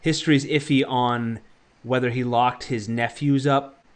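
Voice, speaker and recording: A man's voice: mid-range voice, fairly even intonation, measured pace. A man co-hosting a livestreamed chat, rambling along with many ums and restarts. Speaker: podcast co-host.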